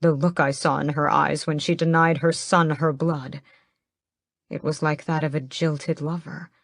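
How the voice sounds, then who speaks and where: A woman narrating a first-person fantasy audiobook in a measured, steady way, close to the mic. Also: low voice, vocal fry, no room sound.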